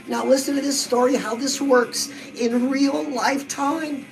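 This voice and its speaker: A woman's voice: sits high, fairly even intonation, a little slow, vocal fry, music in the background, rough recording. A woman coaching on fitness and weight loss in a bubbly, chatty, motivational way, talking straight to her listeners. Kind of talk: upbeat motivational vlog.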